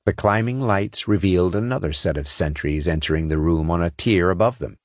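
A man narrating a science fiction audiobook in a measured, expressive read. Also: low voice, dry recording, clean studio sound. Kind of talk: scripted narration.

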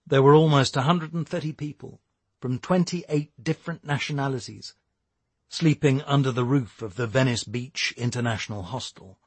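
A man giving steady, measured scripted narration of a novel. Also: medium pitch, breathy edge, no room sound. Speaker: audiobook narrator.

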